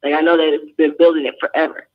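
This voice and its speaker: A woman's voice: sits low, little pitch movement, fast talker. Earnest woman veteran on a muffled line. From California. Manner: earnest, many restarts. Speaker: guest veteran. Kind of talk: phone-in talk show interview.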